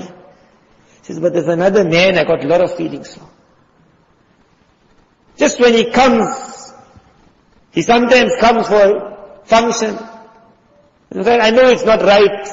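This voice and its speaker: Man, sermon, impassioned, hushed drops, high voice, reverberant mosque hall. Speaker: Islamic preacher. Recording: dull sound in a reverberant hall.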